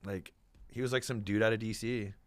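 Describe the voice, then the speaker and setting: A man in casual chat, telling a story in a profane, animated way. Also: on the low side, brisk, no echo, clean studio sound.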